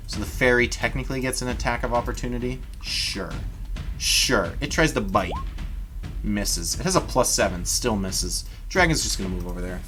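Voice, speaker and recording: A man running a livestreamed tabletop battle describes the action to his viewers in a medium-pitched voice. His delivery is chatty and full of energy.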